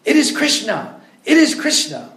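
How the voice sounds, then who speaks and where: A man voicing an old male spiritual teacher who speaks low and measured, then erupts into loud, high shouts, in a roomy-sounding recording. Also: huge pitch swings, heavily acted. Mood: forceful. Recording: roomy echo.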